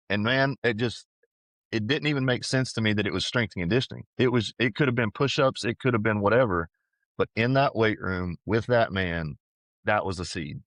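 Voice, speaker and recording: A man's voice: on the low side, moderate pace, a bit bright, no echo. A man being interviewed on a podcast, telling a personal story in a casual, earnest way and often saying "dude" and "man". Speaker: podcast guest, powerlifter.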